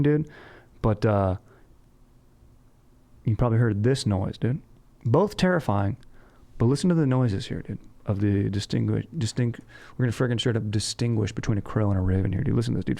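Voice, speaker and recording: A podcast host with a lowish, gravelly, warm voice riffs through casual comedic chat in laid-back slang, constantly saying "dude."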